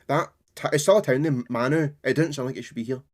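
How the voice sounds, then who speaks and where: A man's voice: medium pitch, fast talker. A man co-hosting a history podcast, chatting casually, rambling and often laughing. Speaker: podcast co-host.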